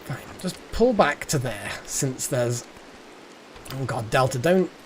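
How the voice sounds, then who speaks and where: Lively, muttering game streamer. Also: medium pitch, slow pace, slight background noise. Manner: thinks aloud, mutters and swears at the game. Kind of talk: live gameplay commentary.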